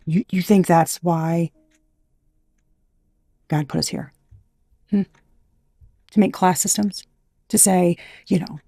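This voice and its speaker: A low, gravelly woman's voice with a husky edge, fired up and swearing freely as she gives a casual tarot reading. She is blunt, trails off and restarts often, and is recorded close and dry with no room sound. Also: steady tone, slow pace, long pauses, dark tone, no echo. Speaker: intuitive tarot reader.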